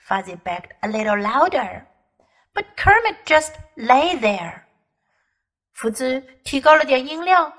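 A woman English teacher reads a bedtime story at a gentle, unhurried pace. Her high voice rises and falls expressively to bring the story to life. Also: big pitch swings. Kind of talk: bilingual bedtime story reading.

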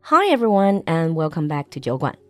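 Lower-pitched woman hosting a podcast. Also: sing-song, fairly quick, no echo, soft background music. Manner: upbeat, friendly, asks questions. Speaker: podcast host.

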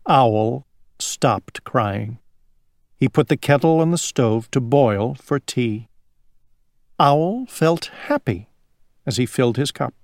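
A woman, whose first language is Chinese, reading an English picture book aloud to children in a slow, expressive way. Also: very deep voice, gravelly, no echo, studio quality.

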